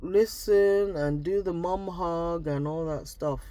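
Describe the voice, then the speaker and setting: Speaking slowly in a warm, slightly high voice, a vlogger from Nigeria talks through his personal reflections in a relaxed diary-style video. His thoughts frequently trail off before he begins them again.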